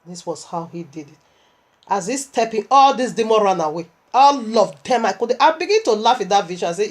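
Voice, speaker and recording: A woman's voice: medium pitch, animated, fairly quick. A woman preacher delivering a sermon while unwell and tired, telling her story animatedly and emotionally, with laughs.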